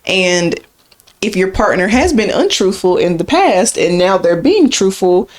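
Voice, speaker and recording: A young woman co-hosting a podcast, chatting candidly and sometimes rushing her words. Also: mid-range voice, very animated. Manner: candid, chatty, laughs easily, sometimes rushes. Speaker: podcast co-host. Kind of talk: casual podcast chat.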